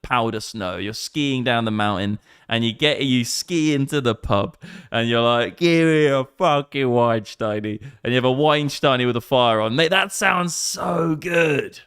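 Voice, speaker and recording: A man in his thirties with an English accent, rambling excitedly and swearing often on a casual livestream. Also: medium pitch, clean tone, dry recording, studio quality. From England. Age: 30s. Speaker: crypto streamer.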